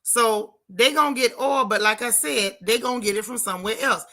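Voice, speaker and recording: A woman hosting a livestream from her car, giving sassy, animated commentary and reading viewer chat aloud. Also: on the high side, a little fast. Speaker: livestream host. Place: in a car while driving.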